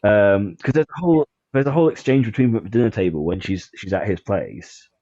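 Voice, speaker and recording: A man's voice: fairly low pitch, quick pace, warm tone, dry recording, muffled recording. A man chatting casually on a podcast, rambling with lots of fillers and restarts. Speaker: podcast guest.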